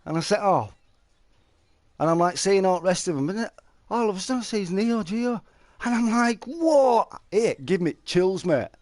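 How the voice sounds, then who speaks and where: A man's voice: sits high, moderate pace, long pauses. A middle-aged man, chatting casually to viewers on a live stream and telling stories. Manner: chatty, storytelling, calls listeners mate.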